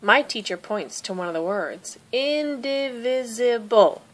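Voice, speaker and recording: A woman reading a children's picture book aloud, narrating softly in the first person as a young girl. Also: on the low side, expressive, normal speed. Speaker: storybook reader.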